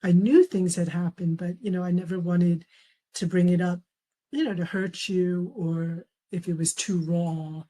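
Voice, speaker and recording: A woman's voice: on the low side, fairly even intonation, unhurried, mellow, poor audio. A middle-aged woman, a memoir author, telling family stories in a conversational interview and often laughing as she quotes relatives. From raised in a traditional Chinese family.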